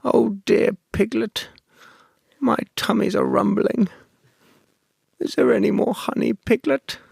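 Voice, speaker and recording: A man voicing a gentle, honey-loving male bear in a soft, slow, dreamy way. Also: sits high, steady tone, creaky, husky, dry recording, studio quality, voice pushed up, full character voice. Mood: wistful.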